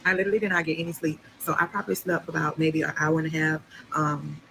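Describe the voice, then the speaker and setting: A young adult woman telling a casual storytime on a livestream, animated and acting out the voices of people in her story. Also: low voice, quick pace, vocal fry, slight background noise, low-quality recording. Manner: animated, acts out quoted voices. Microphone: livestream computer mic.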